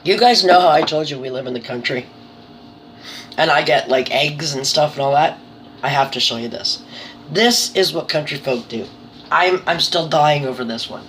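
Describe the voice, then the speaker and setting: A woman's voice: low voice, normal speed, a bit bright, a little hiss or hum, rough recording. Chatty woman venting and laughing. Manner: chatty, exasperated storytelling that tips into laughing disbelief. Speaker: vlogger running a small home business. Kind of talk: casual chat to camera. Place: her living room at home.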